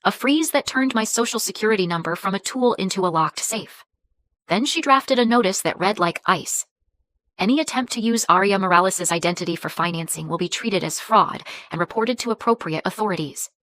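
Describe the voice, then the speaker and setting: A woman narrating a first-person story in a measured, even way. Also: mid-range voice, no echo.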